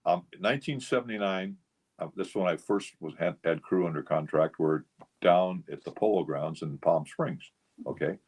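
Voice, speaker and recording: A man's voice: sits low, normal speed, a little mellow, husky. A man over sixty, a memorabilia collector appearing as a guest on a radio talk show, who tells rambling stories packed with fillers. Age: older. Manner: rambling storyteller, many fillers. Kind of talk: casual radio chat.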